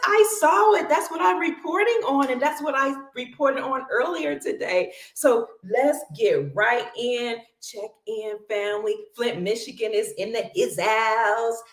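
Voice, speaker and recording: A woman's voice: fairly high pitch, a little slow, hardly any pauses, roomy sound. A woman hosting a casual livestream, exuberant, greeting viewers, breaking into song and laughing often. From Cleveland, Ohio. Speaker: livestream host.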